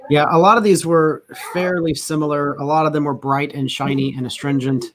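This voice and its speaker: A man co-hosting a casual whiskey tasting, giving measured, critical tasting notes. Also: fairly high pitch, steady tone, a bit bright. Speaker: co-host.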